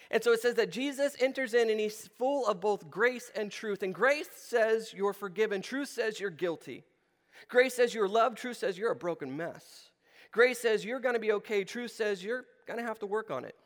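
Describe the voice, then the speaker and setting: A man's voice: sits high, a bit bright. A middle-aged male pastor giving a conversational sermon, asking the room questions and acting out short quotes. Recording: long hall reverb.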